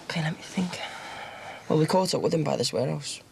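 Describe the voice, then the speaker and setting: A man's voice: a little high, sing-song, quick pace, creaky, slight background noise. An actor playing a cocky young ex-con who brags about his violent exploits with a swaggering chuckle. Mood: boastful. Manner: boastful swaggering storyteller, chuckling. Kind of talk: TV soap drama.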